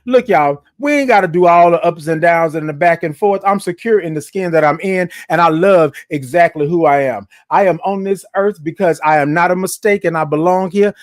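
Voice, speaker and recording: High-voiced, exuberant livestream host. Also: male voice. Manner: exuberant, sings greetings, reads chat comments aloud. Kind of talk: casual motivational livestream chat.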